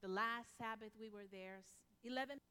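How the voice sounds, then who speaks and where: A woman preaching a sermon with personal stories, her delivery swinging from loud to hushed. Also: fairly high pitch, normal speed, clean tone. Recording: long hall reverb.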